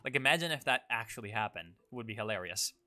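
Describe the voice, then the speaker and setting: A man's voice: on the low side, lively intonation, fast talker, sharp tone, faint music behind. A young man casually commenting on a strategy game, rambling and sarcastic, swearing freely. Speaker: gaming YouTuber.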